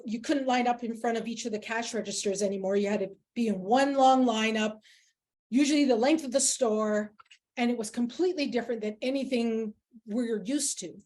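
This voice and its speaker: A woman leading a workplace workshop who talks in an earnest, emphatic way and tells personal stories to make her points. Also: a little high. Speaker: workshop facilitator. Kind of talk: workshop talk with personal anecdotes.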